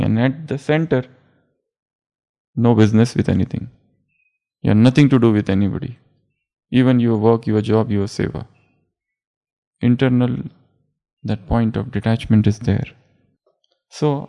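A man giving a spiritual discourse as a teacher, unhurried and repeating words for emphasis. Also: medium pitch, creaky, mellow.

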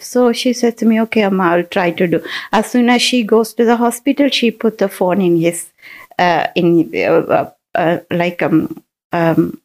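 Halting woman calmly telling a loss. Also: medium pitch. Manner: halting, with many restarts and fillers; calm and steady while telling of loss. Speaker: speaker sharing a personal testimony. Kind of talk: personal testimony.

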